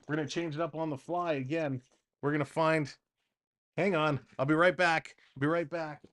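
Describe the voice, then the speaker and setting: A man's voice: a little high, moderate pace. A man hosting a live hockey stream, calling the play-by-play and chatting with viewers in the comments. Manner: chatty, excitable, reads viewer comments between calls. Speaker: livestream play-by-play host. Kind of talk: live play-by-play and chat reading.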